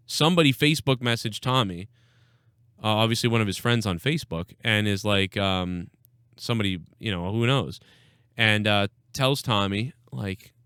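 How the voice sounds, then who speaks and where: A man's voice: mid-range voice, a bit bright, smooth, no echo, clean studio sound. Ranting, profane male stream host. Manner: ranting, profane, quotes people in raised voices. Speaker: podcast host. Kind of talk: casual live-stream talk.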